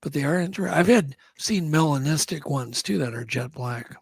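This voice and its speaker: A man's voice: on the high side, lively intonation, moderate pace, gravelly, breathy edge. A man co-hosting a casual talk radio show, chatty and laughing often, fighting a cough from a cold. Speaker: co-host.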